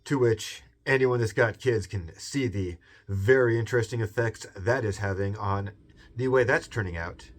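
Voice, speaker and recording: A man's voice: lowish voice, normal speed. A man with a Seattle accent hosting a video essay in a rambling, digressive monologue full of fillers, musing aloud. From US West Coast.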